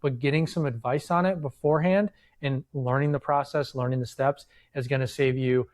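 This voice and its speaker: Man calmly explaining advice. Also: mid-range voice, a little fast. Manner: steady, explanatory advice with fillers. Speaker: podcast co-host, inventor coach. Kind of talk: casual chat.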